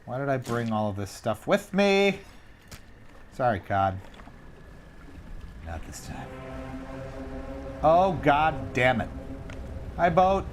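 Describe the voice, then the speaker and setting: A man's voice: medium pitch, slow, long pauses, slight background noise. A man streaming a video game, chatting casually to himself and joking about his own mistakes. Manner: animated, jokey, self-mocking, talks to himself. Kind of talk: casual live gameplay commentary.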